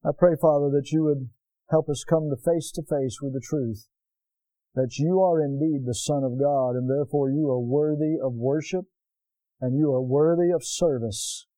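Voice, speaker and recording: A male pastor preaching a folksy sermon, rising to loud exclamations and then dropping low and slow. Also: dry recording, low-quality recording. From United States.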